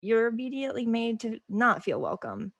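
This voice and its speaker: A woman's voice: on the high side, big pitch swings, normal speed, vocal fry, a bit bright, no echo. Earnest woman guest, dry sound. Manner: earnest, uses "like" as filler. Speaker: podcast guest. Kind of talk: casual chat.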